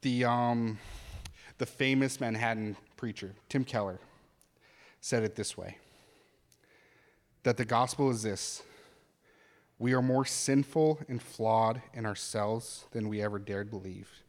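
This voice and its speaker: A male pastor delivers a sermon in an earnest, conversational way, breaking into animated asides. His voice sits at an ordinary mid pitch. The sound carries a long reverb, as in a large hall. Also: slow, long pauses.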